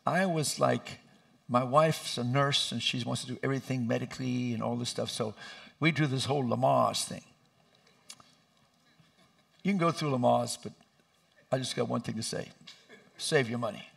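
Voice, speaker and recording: A middle-aged man preaching as a pastor in a church, telling lively stories and laughing as he goes. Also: mid-range voice, normal speed, vocal fry, pauses often. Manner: animated, laughing storyteller who acts out voices. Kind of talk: sermon with storytelling. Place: church sanctuary.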